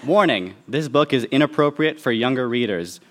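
A young man reading his childhood story aloud to an audience, dropping dry, deadpan asides. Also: mid-range voice, moderate pace, a faint crowd. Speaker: guest reader. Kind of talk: comic reading of childhood writing on stage. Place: live stage with an audience.

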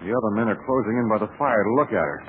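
An actor playing a calm, commanding adventurer who gives brisk orders during a rescue in a 1940s radio drama, on a noisy old broadcast recording. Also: male voice, fairly low pitch, narrow, tinny audio, natural voice. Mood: urgent.

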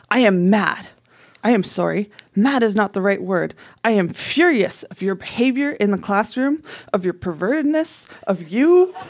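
A woman on a live theatre stage, reading aloud her own indignant schoolgirl letters with comic emphasis. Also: mid-range voice. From Canada.

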